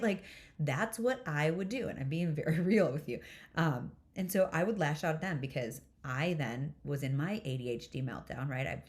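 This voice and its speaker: A woman hosting a solo podcast, telling a candid parenting story in a chatty, self-deprecating way, laughing often and swearing casually. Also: deep voice. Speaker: podcast host, nervous system coach.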